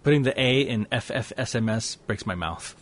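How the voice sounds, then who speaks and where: A man's voice: medium pitch, animated, normal speed. A man co-hosting a casual tech podcast, easygoing and joking, laughing along with his co-host.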